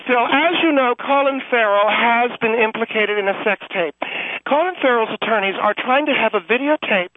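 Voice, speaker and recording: A man voicing a catty, prissy female Hollywood gossip reporter who talks in a high lady voice with prim whispered asides, in a comedy radio sketch. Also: no room sound, narrow, tinny audio. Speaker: entertainment reporter character.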